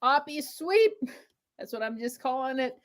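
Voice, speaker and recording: Higher-voiced giggly woman streamer. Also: moderate pace. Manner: excitable, giggly, gushing. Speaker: livestream host. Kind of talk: casual live watch-party chat.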